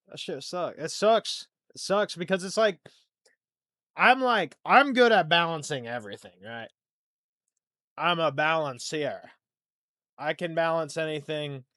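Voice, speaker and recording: A man's voice: a little high, fairly bright tone, clear, resonant tone, no echo, studio quality. A young man hosting a solo podcast, rambling and self-deprecating, dropping to a mumble and then turning emphatic. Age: young adult. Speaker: podcast host. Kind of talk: casual solo podcast monologue.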